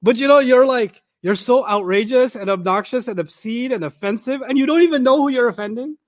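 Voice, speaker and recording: A man's voice: extremely high pitch, fairly quick, no echo, clean studio sound. A man from New York giving a conversational Quran lesson, telling stories and acting out dialogue. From New York, United States. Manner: animated, conversational, acts out dialogue. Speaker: Quran teacher. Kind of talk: Quran lesson with personal storytelling.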